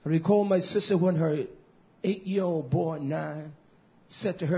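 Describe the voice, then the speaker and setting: A middle-aged man preaching a fiery sermon, scolding, dropping to low mutters and whispers, then rising into loud outbursts. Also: a little slow. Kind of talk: fiery street-style sermon. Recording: muffled lo-fi recording.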